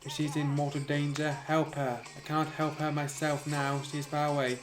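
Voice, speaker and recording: A man's voice: fairly high pitch, monotone, moderate pace, lightly acted. A man reading the prayer of an earnest young female shrine maiden in a story. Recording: echoey room, music behind.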